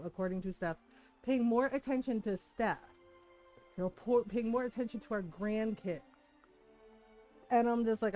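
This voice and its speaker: A woman's voice: medium pitch, darkish tone. A woman in her forties, a streamer chatting casually and candidly, swearing freely and laughing now and then. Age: 40s. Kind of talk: casual venting chat while gaming.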